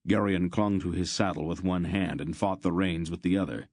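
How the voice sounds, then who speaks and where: A man narrating an audiobook in a steady, measured way. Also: sits low, no room sound, clean studio sound.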